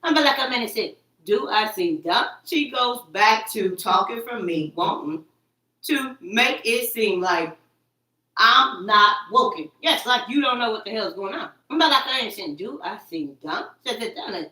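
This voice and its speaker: A woman's voice: on the high side, expressive, measured pace, pushed and bright. A woman talking in a rambling, agitated monologue, repeating herself, cursing and quoting her own words back. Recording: echoey room, far from the mic.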